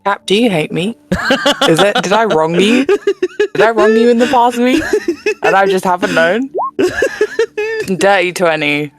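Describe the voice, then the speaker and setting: A player in a tabletop game who talks in a casual, animated way and rambles with a lot of "like". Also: medium pitch, unhurried, long pauses. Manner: animated, rambling, laughing often.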